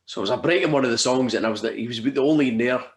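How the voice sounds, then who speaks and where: A man's voice: mid-range voice, racing, echoey room. A man with a Scottish accent, swearing bluntly through a casual podcast chat.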